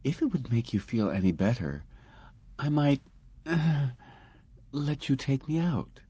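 Man doing a nervous high-voiced receptionist woman. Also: very animated, a little slow, warm tone, breathy edge, dry recording, highs cut off. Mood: nervous, coaxing. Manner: nervous, coaxing.

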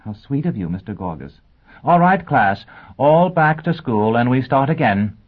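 A man performs an audiobook character voice for a genteel, flustered, scatterbrained female teacher, prim and fussy, in a high lilting manner. He speaks sing-song at a moderate pace with a breathy edge, over tinny, phone-like audio.

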